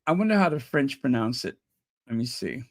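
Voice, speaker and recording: A man's voice: medium pitch, sing-song, a little fast, no room sound, clean studio sound. A man hosting a live stream, chatting in a rambling, playful way and repeating words over and over as he tries out how to say them. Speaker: channel host.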